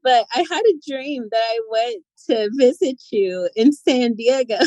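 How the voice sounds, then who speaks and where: A woman asking a question hesitantly, with many pauses and ums. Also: a little high, lively intonation, mellow, no echo, low-quality recording.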